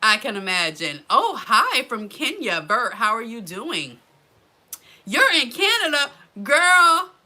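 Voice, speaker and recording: A woman chatting on a live stream. Her voice is very bright and sharp, and she keeps calling out to viewers, saying "girl" and "y'all" in a friendly, casual way. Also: a little high, big pitch swings, takes it slowly. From Florida. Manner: chatty, greets commenters by name, says "girl" and "y'all". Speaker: blogger hosting a live stream.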